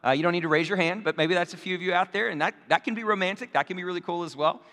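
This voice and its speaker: A male pastor giving a conversational sermon to his congregation, often checking in with them using quick tag questions. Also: high-pitched, pushed and bright. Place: church sanctuary. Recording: long reverb of a large hall.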